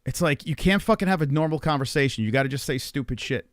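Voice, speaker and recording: A man's voice: mid-range voice, quick pace, no echo, clean studio sound. A man streaming a rambling, profane monologue with an exasperated manner. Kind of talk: ranting casual monologue.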